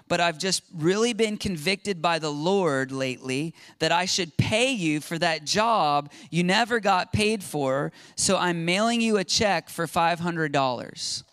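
A man preaching a sermon with passion, gasping for breath at high points and acting out quotes. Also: expressive, a little slow, a bit bright, clean tone, no echo, studio quality. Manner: impassioned preaching with gasps and acted-out quotes. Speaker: pastor.

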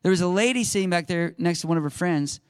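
A male pastor preaching a sermon and telling stories in an animated, conversational way. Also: sits high, fast talker, clear, resonant tone, dry recording, clean studio sound. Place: church sanctuary.

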